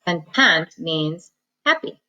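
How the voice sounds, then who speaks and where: A woman teacher giving an online phonics lesson, dictating sentences slowly and sounding out each syllable. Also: sits low, big pitch swings, sharp tone, lo-fi sound. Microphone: recorded at a computer for students at home.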